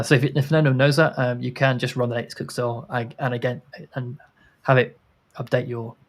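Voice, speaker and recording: Man hosting a livestream, mid-pitched, casual, rambles and restarts often, video-call sound. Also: creaky. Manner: rambling with many restarts and fillers. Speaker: host.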